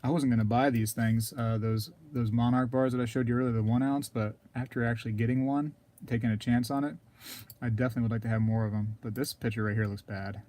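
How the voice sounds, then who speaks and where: A man hosting a casual live stream, rambling to viewers in chat and clearing his throat often. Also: medium pitch, fairly even intonation, fast, warm tone. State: throat scratchy, keeps coughing.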